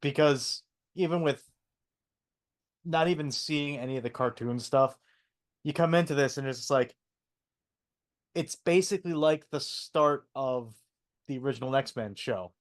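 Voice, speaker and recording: A man co-hosting a casual podcast, talking haltingly with repeated words and fillers. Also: mid-range voice. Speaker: podcast co-host.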